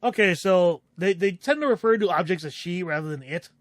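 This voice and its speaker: A male streamer chatting casually, reading text aloud haltingly and correcting himself as he goes. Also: high voice, no room sound. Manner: musing, reads aloud haltingly, self-correcting. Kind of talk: casual stream chat, reading game dialogue and notes aloud.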